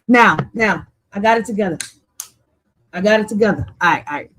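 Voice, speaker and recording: A woman hosting a casual livestream. She swears freely, laughs often and talks straight to her chat in an animated way. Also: medium pitch, fairly quick. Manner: animated, laughing, profane, addresses the chat directly. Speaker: livestream host.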